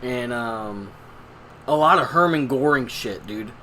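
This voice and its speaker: A young man chatting on a podcast with a bright, forceful voice. He jokes crudely and swears often, and a faint hum sits behind him. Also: medium pitch, lively intonation, measured pace. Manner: crude, joking, swears a lot. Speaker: podcast co-host. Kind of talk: casual podcast chat.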